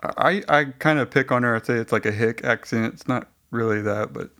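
A man hosts a casual online voice chat as a podcast host, rambling hesitantly with lots of restarts and "like"s. His voice is medium-pitched, a little fast and a bit bright.

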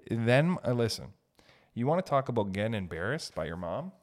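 Profane, animated podcast host, man. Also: medium pitch, a little fast. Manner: animated and profane, laughs as he talks. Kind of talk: solo storytelling podcast.

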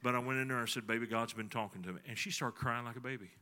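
A man's voice: mid-range voice, steady tone, rapid-fire, bright, forceful tone, slight background noise. A middle-aged man, preaching a sermon in a folksy storytelling way and talking to the congregation. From Texas. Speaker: pastor.

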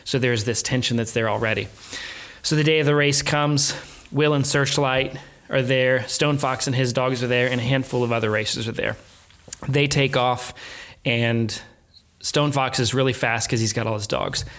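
A man casually retelling a book's plot in a chat, animated, quoting characters and laughing softly. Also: mid-range voice, normal speed. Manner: animated retelling with quoted voices and soft laughs.

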